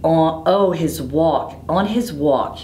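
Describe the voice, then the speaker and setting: Slow, lively woman reading aloud to kids. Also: sits low, roomy sound, slight background noise. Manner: interactive, asks children questions. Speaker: storytime reader. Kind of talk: reading a picture book aloud to children.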